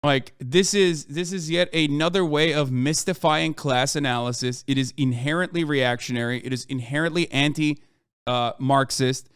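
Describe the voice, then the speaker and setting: A man's voice: a little high, normal speed, a bit bright, smooth, no echo, clean studio sound. A man streaming a heated, profane and sarcastic rant reacting to the news. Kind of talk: ranting commentary.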